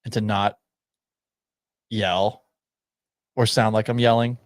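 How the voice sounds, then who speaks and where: A male sports radio host with a sore throat, speaking in a subdued, near-monotone way with dry humor in a studio. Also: on the low side, slow, no echo. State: sore throat, swollen tonsils. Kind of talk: sports talk radio monologue.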